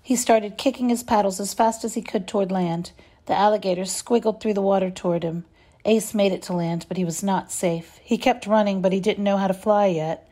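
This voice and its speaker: A woman reading a children's story aloud, expressive and measured. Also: mid-range voice. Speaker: reader.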